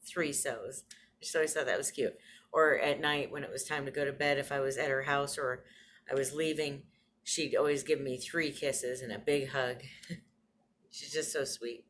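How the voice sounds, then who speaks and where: A woman's voice: rumbling low, steady tone, moderate pace, fairly bright tone, slight background noise. A middle-aged woman recording herself on a phone, sharing family memories in a tender way that moves between small laughs and tearing up. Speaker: vlogger. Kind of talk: personal reminiscence to camera.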